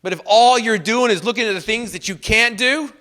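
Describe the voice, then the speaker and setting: A man giving a motivational speech to an audience, telling a personal story with repeated refrains and swinging from loud emphatic bursts to hushed lines. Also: high-pitched, fairly quick. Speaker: motivational speaker.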